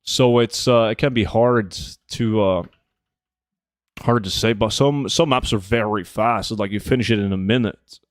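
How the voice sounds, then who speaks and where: Relaxed young man chatting on stream. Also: fairly low pitch, normal speed, no echo, clean studio sound. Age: 20s. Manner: relaxed, answering chat while gaming. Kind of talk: casual livestream chat.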